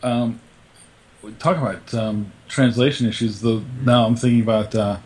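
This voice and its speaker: A man's voice: mid-range voice, fairly even intonation, normal speed, darkish tone. A man, co-hosting a casual podcast chat, rambling with many fillers and restarts. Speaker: podcast co-host.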